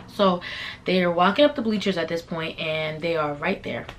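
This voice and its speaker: Animated young woman telling a story. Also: on the low side, takes it slowly, slight background noise. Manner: animated, slangy storytelling that acts out quoted voices. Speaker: vlogger. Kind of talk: casual storytime.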